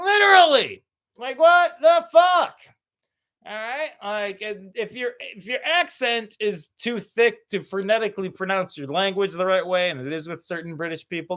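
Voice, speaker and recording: Rambling, profane Irish-born comic, lively pitch. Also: male voice. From Ireland. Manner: rambling, profane, jumps into shouted impressions. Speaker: stand-up comedian. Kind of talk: stand-up routine.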